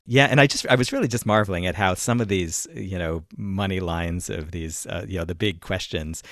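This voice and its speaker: A deep-voiced man co-hosts a podcast in a casual, thoughtful way. He circles back on himself often, restarting phrases as he works through ideas. The sound is close and dry, with no room around it. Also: fairly quick, fairly bright tone, no echo. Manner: thoughtful, rambling with many restarts and fillers. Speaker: podcast co-host.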